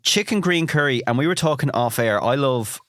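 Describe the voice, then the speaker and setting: A man's voice: mid-range voice, animated, moderate pace, fairly bright tone, no room sound, studio quality. An Irish chef in young adulthood hosting a casual food podcast, easygoing and teasing as he asks curious questions. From Ireland.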